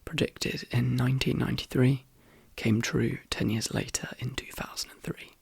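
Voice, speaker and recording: A man hosting a soft-spoken ASMR video in a croaky, hoarse half-whisper, rambling easily between fillers. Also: mid-range voice, little pitch movement, normal speed, no echo. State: hoarse, voice worn out. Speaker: ASMR channel host.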